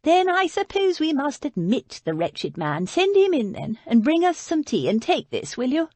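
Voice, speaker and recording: A woman's voice: high-pitched, huge pitch swings, moderate pace, a little mellow, no echo, voice pushed up. A woman voicing an imperious, haughty aristocratic lady in an audiobook, speaking coolly and grandly. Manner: cool and imperious.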